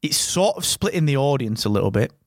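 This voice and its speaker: A man's voice: medium pitch, expressive, fairly quick, no echo, studio quality. Chatty man hosting a podcast. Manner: chatty, rambling, swears casually. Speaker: podcast host. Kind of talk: casual chat.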